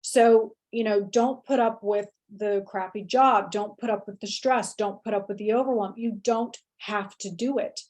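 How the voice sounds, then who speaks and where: A woman in her forties telling a candid personal story in an interview, animated and frank, now and then acting out the voices she quotes. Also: medium pitch, normal speed, few pauses. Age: 40s. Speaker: feng shui teacher, interviewee.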